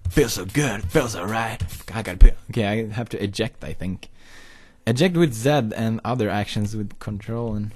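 A young man commenting on a video game in an excitable way, often laughing, swearing and shouting. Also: fairly low pitch, normal speed. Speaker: gaming video host. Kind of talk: let's play commentary.

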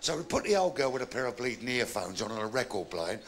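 A man's voice: medium pitch, sing-song, fast talker, a bit bright. A man doing a live stand-up routine, telling blunt, crude jokes. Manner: blunt, crude punchline delivery with swearing. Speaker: stand-up comedian. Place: live club stage.

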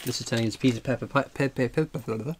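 An Englishman who collects coins chats away on his livestream, reading out chat messages in a jokey, rambling way. His middling-pitched voice races along, buzzy from strong coffee, with a faint hiss underneath.

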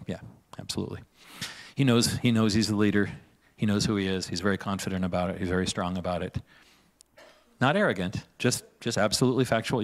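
A man preaching a sermon in a church, with a fairly low voice. He talks in a loose, conversational way, often checking in with "right?" and breaking into laughs. His delivery feels like easy chat with the congregation rather than a formal address. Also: brisk. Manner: casual and chatty, often asks "right?" and laughs. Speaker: pastor.

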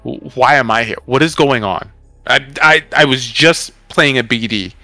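Guy playing a panicky trapped dude, stammers a lot, sharp tense tone. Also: mid-range voice, normal speed, creaky, no echo, soft background music. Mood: frantic. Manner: stammering, desperate. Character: frantic young man trapped in a dream.

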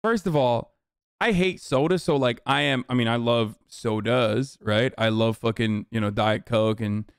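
Smooth-voiced man mocking a clip. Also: medium pitch, a little slow, no room sound, clean studio sound. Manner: incredulous, mocking, profane. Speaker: streamer reacting to a clip. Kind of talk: casual reaction commentary.

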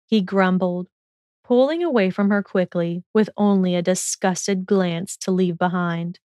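A woman narrating a fan fiction audiobook in steady, measured storytelling. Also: on the low side, dry recording, studio quality.

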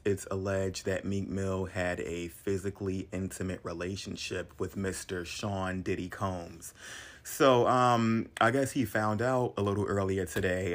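A man hosting a gossip commentary show, reading tweets aloud with dry, mocking asides. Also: low-pitched. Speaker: commentary host.

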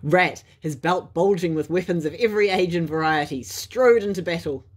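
A woman narrating a children's bedtime story in a lively, expressive way. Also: on the low side, a little fast.

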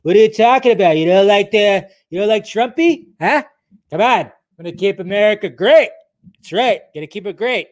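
A man's voice: sits high, expressive, brisk, pitched above the performer's own voice. A man doing an impression of a brash, boastful male politician who needles and blusters.

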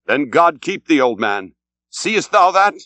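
A man voicing a hollow-cheeked ship captain who is grieving, mournful and strained, pitched higher than his own voice. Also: sing-song, a little slow, sharp tone, dry recording, heavily acted.

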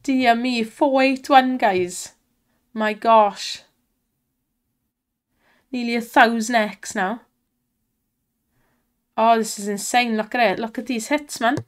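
An excitable woman commenting on slot spins and cheering the reels on, her voice strained from shouting. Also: on the high side, slow pace, pauses often. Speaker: slot streamer.

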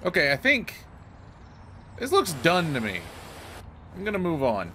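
Excitable man commentating a game. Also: fairly high pitch, a little slow, slight background noise. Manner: excitable, joking, self-talking. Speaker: gaming channel host. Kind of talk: let's play commentary.

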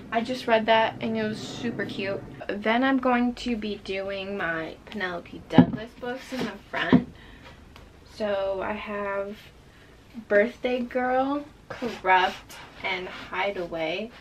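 In her bedroom with a fan going, a book vlogger chats eagerly about her books while organizing a shelf, often getting distracted. Her pitch is fairly high, and there's background noise.

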